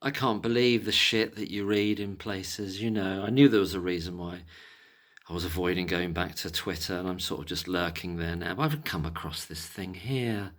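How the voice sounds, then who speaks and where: A man's voice: sits low, moderate pace, fairly bright tone. A man ranting angrily in a monologue, exasperated and sarcastic, with plenty of swearing. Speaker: vlogger.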